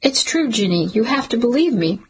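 A woman reading an audiobook voices a remorseful, defensive young man with a gruff, pleading manner, in a husky voice. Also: a little high, big pitch swings, normal speed, pitched above the performer's own voice, heavily acted.

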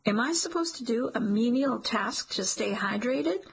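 A woman voicing a fed-up, snarky young female coworker who talks in quick, exasperated bursts. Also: fairly high pitch, animated, gravelly, breathy edge, exaggerated voice.

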